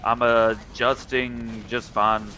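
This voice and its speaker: A man's voice: mid-range voice, little pitch movement, slow, sharp tone, a little hiss or hum. A young man streaming a game, chatting casually and answering viewers' messages as he plays. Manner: chatty, reads and answers live chat. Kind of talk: casual chat while gaming.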